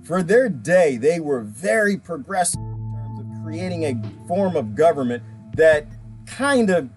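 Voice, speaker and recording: Animated man rambling over music. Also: a little high. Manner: rambling, emphatic, repeats himself. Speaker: vlogger reading viewer comments. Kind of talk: casual live-stream talk.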